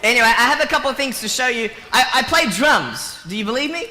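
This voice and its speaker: A man joking and telling stories to a live audience in a playful, animated way. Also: very high-pitched, quick pace. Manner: playful, jokey, animated storytelling. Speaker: motivational speaker. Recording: long hall reverb with faint noise.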